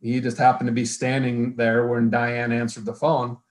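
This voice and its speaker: A man as an interview guest, recounting his career in a measured way with frequent ums. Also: medium pitch, monotone. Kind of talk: casual conversational interview.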